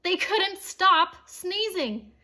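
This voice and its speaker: Lady reading a kids book out loud, high bright voice, slow and playful. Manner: expressive, playful storytelling with asides to listeners. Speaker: children's book reader. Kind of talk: storybook read-aloud for children.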